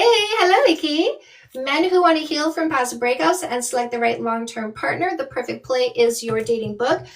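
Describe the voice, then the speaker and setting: A middle-aged dating coach from Canada chatting bluntly and animatedly with viewers on a live stream. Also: female voice, on the high side, distant mic. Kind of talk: casual live-stream chat.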